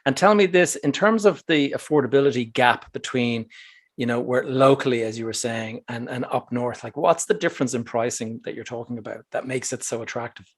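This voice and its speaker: A man from England hosting a podcast, asking long, relaxed questions in a casual interview. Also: medium pitch, a little fast. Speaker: podcast host.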